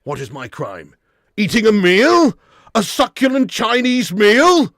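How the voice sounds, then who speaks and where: A man impersonating an indignant man protesting his arrest in outraged shouts. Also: sits high, very animated, slow pace, no room sound, studio quality, voice pushed up, heavily acted.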